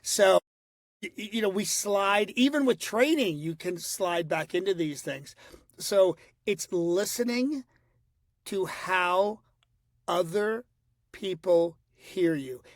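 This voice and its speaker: A man's voice: high-pitched, dry recording, clean studio sound. A middle-aged man from Philadelphia with a nasal Northeast accent, chatting animatedly in an interview, with lots of restarts. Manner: animated, slips into quick voices and quotes, many restarts. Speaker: guest, voice impressionist. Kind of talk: casual interview talk.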